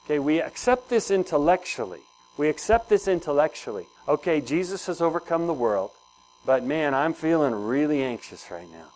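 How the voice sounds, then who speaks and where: A man's voice: a little high, sing-song, moderate pace, a little mellow, rough recording. A man preaching a sermon in a conversational way, asking the congregation questions and repeating key phrases. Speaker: pastor.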